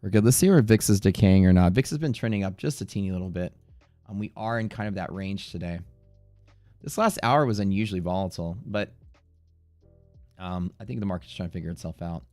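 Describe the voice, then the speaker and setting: A man's voice: sits low, a little fast, a little mellow, dry recording, faint music behind. A man hosting a live day-trading stream, talking in a chatty, rambling way that turns profane at times. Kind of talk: casual live-stream commentary. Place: Houston area.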